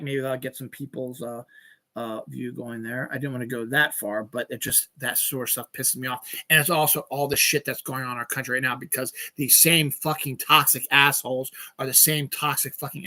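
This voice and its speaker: A man's voice: mid-range voice, sharp tone. A man in his forties hosting a casual solo podcast from home, cursing freely, at times ranting and at times chatting easily. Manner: profane ranting, then easygoing chatter. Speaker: podcast host. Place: home room.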